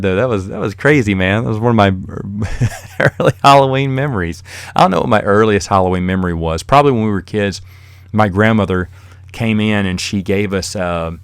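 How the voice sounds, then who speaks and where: A man's voice: fairly low pitch, no room sound, clean studio sound. A man hosting a podcast on his own, telling rambling stories in a casual monologue and chuckling as he goes. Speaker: podcast host.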